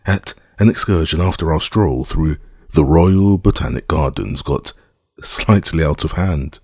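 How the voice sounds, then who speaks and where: A man's voice: extremely low pitch, unhurried, darkish tone, husky, no room sound, clean studio sound, full character voice. A man voicing a wry, eager male detective in an audiobook.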